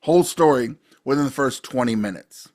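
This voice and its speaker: Male co-host, even mid-pitched voice, calm explanatory chat. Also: a little fast. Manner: matter-of-fact, explaining. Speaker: podcast co-host. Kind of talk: casual movie discussion.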